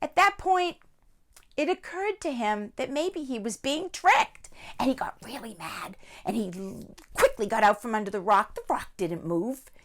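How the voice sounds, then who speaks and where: A woman librarian telling a children's story in an animated, expressive way. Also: on the high side, measured pace. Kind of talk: storytime read-aloud.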